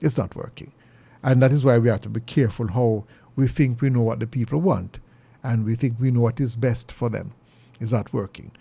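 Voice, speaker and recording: Gravelly Jamaican man giving opinions. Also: brisk, mellow. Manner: earnest and preachy, pitch jumps high for emphasis. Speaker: commentary show host. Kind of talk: opinion monologue.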